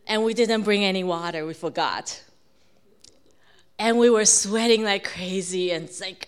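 Woman telling a lively personal story. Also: medium pitch, moderate pace, clear, resonant tone. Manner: animated storytelling with quoted voices. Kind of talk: personal testimony.

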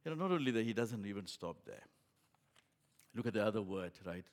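A man preaching a sermon as a pastor. He swings from loud emphatic bursts to quiet low asides, often restarting with "in other words". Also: big pitch swings, fairly quick.

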